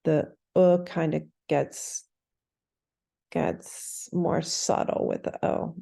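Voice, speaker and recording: A woman teaching the pronunciation of a sacred text, thoughtful and self-correcting, stretching words out slowly when she demonstrates them. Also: low voice, steady tone, gravelly, dark tone.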